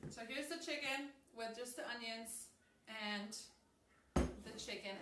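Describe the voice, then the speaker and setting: A woman hosting a casual live-stream cooking demonstration from a home kitchen, chatty and upbeat, talking straight to her viewers with frequent ums. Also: mid-range voice. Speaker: host of a live cooking demo. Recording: echoey kitchen, distant mic, faint noise.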